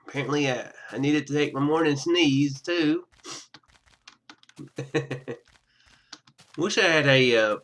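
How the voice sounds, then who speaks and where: A man's voice: mid-range voice, bright, forceful tone. A man chatting casually over his gameplay, rambling and stammering, cutting himself off with chuckles, into a webcam microphone. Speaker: gaming YouTuber.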